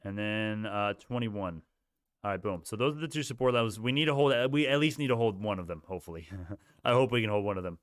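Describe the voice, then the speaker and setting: A man's voice: on the low side, animated, brisk, clean tone, no room sound, studio quality. A young man hosting a casual stock livestream, ranting heatedly at his chat with many restarts.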